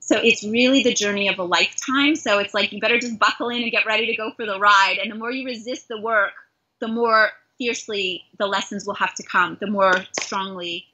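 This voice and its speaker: Woman from Canada, middle-aged, life coach guest, earnest and heartfelt, husky breathy voice, dull lo-fi sound. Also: medium pitch, steady tone, fairly quick, bright, forceful tone. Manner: earnest, heartfelt and self-reflective. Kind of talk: reflective interview conversation. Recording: dull lo-fi recording.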